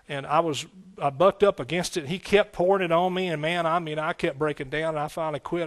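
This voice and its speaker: A man's voice: on the high side, fast, hardly any pauses. Folksy, fiery man preaching a sermon. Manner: folksy, energetic preaching with repeated phrases and calls of "amen". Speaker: pastor and Bible teacher.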